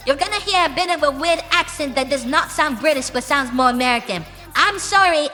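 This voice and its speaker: A young woman talks in a high, bright voice, blunt and cocky with plenty of swearing. She answers interview questions like a casual chat. A long room reverb hangs on her voice, with music playing behind. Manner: blunt, profane and boastful.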